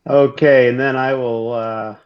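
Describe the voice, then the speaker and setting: A man playing a tabletop game, thinking aloud in a deliberate, casual way. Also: medium pitch, fairly even intonation, lo-fi sound. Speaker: player.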